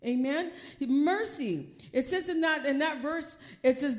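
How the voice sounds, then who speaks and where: A woman's voice: high-pitched, lively intonation, unhurried, hardly any pauses. A woman pastor preaching a sermon from the pulpit, emphatic and often asking the congregation questions.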